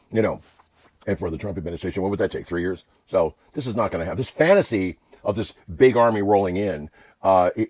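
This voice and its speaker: Profane, exasperated man ranting, dry sound. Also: no room sound. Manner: swings between low muttering and shouting. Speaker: vlogger. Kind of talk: political rant monologue.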